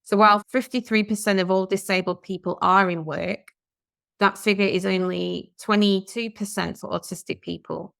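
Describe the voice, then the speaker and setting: A woman's voice: mid-range voice, fairly even intonation, normal speed, gravelly, fairly bright tone, clean tone, no room sound, clean studio sound. A woman co-hosting a podcast, chatting and reading out news articles with her own comments. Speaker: podcast co-host. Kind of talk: casual discussion, reading out news stories.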